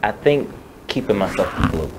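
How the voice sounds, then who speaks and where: A man's voice: fairly low pitch, animated, normal speed, background noise. A man in his thirties, a musician guest on a radio show, talking in an earnest, rambling way. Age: 30s. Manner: earnest and rambling, many "um" and "you know". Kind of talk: casual interview chat.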